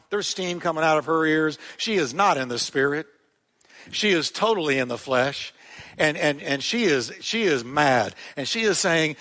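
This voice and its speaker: A man preaching a sermon to his congregation, telling the story with animated emphasis and loud, emphatic peaks. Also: a little high, normal speed. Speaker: pastor. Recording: long hall reverb.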